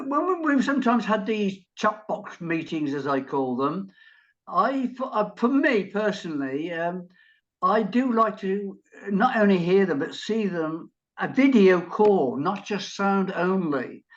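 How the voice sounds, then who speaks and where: A man's voice: high voice, expressive, measured pace. A hard-of-hearing man helping people learn English, chatting over a video call and laughing at his own stories. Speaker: volunteer English helper, guest. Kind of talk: casual conversation on a video call. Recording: dull lo-fi call audio.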